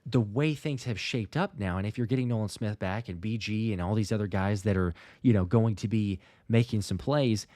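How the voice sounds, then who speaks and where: A man hosting a casual livestream chat, talking in a halting way that repeats words and often restarts. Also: fairly low pitch, dark tone, no echo, studio quality. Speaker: show host.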